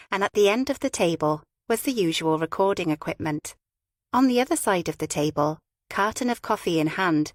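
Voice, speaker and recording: A woman with a fairly low voice narrates a crime novel in a measured, even way. The reading is close and dry, with no room sound. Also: no echo. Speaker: audiobook narrator. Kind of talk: scripted narration.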